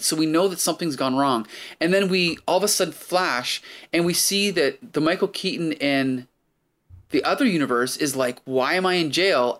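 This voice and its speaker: Man, podcast host, rambling, thinks out loud, casual chat. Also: a little high. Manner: rambling, thinking aloud with many restarts.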